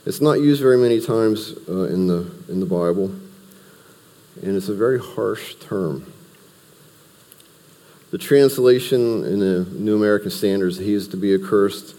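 Male Bible teacher, low dark voice, relaxed conversational teaching, reverberant hall. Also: moderate pace, pauses often. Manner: conversational, explains verse by verse with restarts and asides.

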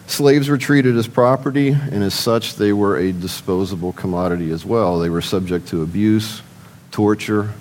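A man delivers a conversational sermon, asking rhetorical questions and answering them himself while speaking directly to the men in the audience. His voice is fairly low and darkish in tone at a normal pace, on a rough recording.

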